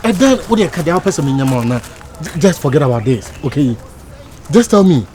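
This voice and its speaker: A man's voice: a little high, very animated, a little fast, dark tone. An actor with a Ghanaian English accent playing a young man who keeps begging his girlfriend for another chance. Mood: pleading. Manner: pleading, begging. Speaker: Papa J, a pleading boyfriend. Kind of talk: comedy drama web series acting.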